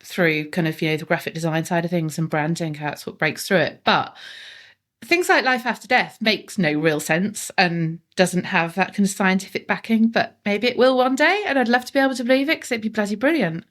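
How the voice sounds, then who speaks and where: A woman's voice: mid-range voice, fairly quick, a bit bright. A middle-aged woman, a guest on a podcast, telling rambling stories and laughing often at herself. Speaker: guest, PR agency founder. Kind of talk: casual interview chat.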